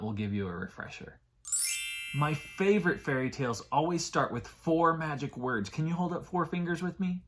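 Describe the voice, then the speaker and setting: A male children's librarian with a medium-pitched voice leads preschool story time, reading aloud to small children in an animated, sing-song way.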